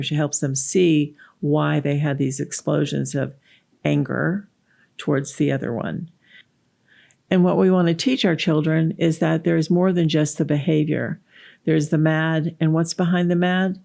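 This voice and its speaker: A woman podcast host calmly explaining emotions through a told story, in a reflective teaching monologue. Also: deep voice, creaky.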